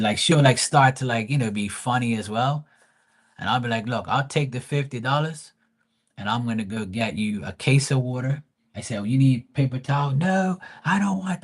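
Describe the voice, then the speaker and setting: A man hosting a livestream, telling rambling family stories in a blunt, teasing way and swearing freely. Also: fairly low pitch. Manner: rambling with many fillers and asides. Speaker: tarot reader and livestream host. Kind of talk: casual storytelling.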